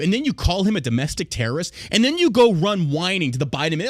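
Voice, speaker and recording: A man's voice: fairly high pitch, big pitch swings, fast talker, hardly any pauses, dry recording, studio quality. A man hosting a podcast who rants in a heated, profane, emphatic way and speaks directly to his listeners. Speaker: podcast host. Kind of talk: angry podcast rant.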